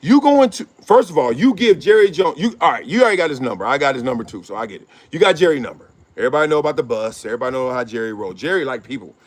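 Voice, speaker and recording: A man's voice: medium pitch, animated, very fast, hardly any pauses. A middle-aged man hosting his own show, riffing in slangy casual commentary, laughing often and acting out quotes. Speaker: show host.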